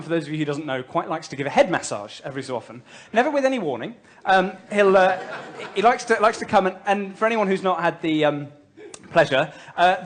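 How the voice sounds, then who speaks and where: A man preaching a sermon as pastor of his church, telling a story conversationally with light humour and frequent fillers. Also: fairly high pitch.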